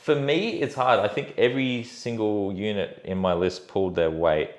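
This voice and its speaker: A man's voice: fairly low pitch, normal speed. A man talking as a guest after a tabletop game, laid-back and matter-of-fact as he explains the rules. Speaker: guest player. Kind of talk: casual post-game chat. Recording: echoey room.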